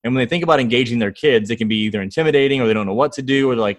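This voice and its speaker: A man in his thirties, a guest in an interview, telling lively stories about his kids and acting out their quotes. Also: mid-range voice, racing, no echo. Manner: enthusiastic storyteller, acts out quotes. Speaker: guest, fatherhood author and founder. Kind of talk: conversational interview storytelling.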